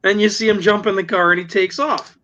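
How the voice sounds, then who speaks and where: A man hosting a casual livestream chat, telling stories in an animated way and laughing often. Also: sits high, fairly quick, lo-fi sound. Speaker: livestream host.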